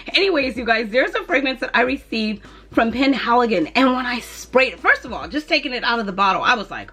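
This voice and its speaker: Animated sing-song woman vlogger. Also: a little high, a little fast, breathy edge. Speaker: beauty and lifestyle vlogger. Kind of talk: casual chatty vlog.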